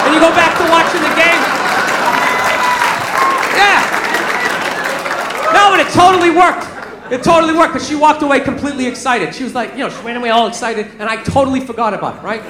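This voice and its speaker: A man performing a stand-up comedy set in a club, telling profane, animated stories. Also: extremely high pitch, brisk. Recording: echoey club with crowd noise. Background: audience laughter.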